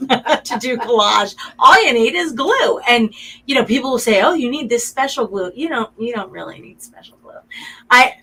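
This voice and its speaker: A woman's voice: fairly high pitch, sharp tone, low-quality recording. A middle-aged woman, a guest artist in a radio interview, talking in a chatty, effusive way and getting emotional.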